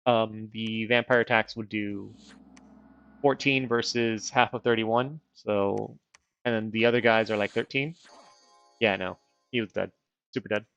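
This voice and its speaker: Gravelly casual male game streamer. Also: lowish voice, fairly even intonation, measured pace, long pauses, a bit bright, lo-fi sound. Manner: rambling, self-deprecating, thinks aloud. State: wearing dental retainers. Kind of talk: casual game livestream chat.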